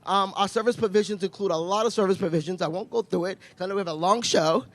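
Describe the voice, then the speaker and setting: Upbeat high-voiced man rallying a crowd. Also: quick pace. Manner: upbeat and rallying, inviting people warmly, some ums. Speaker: nonprofit executive director. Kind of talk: public announcement speech at a rally. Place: outdoor city plaza event.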